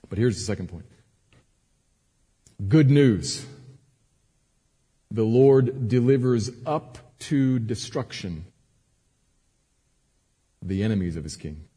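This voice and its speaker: A man preaching a sermon as a pastor, moving between quiet earnest teaching and raised, emphatic cries. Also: on the low side, expressive, takes it slowly, pauses often, breathy edge. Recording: long hall reverb.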